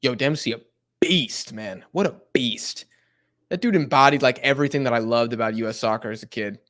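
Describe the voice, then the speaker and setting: A man's voice: medium pitch, brisk. A young American man casually chatting on a live soccer watch-along stream, reading out viewer messages in a loose, slangy way. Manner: animated, slangy, reading chat aloud.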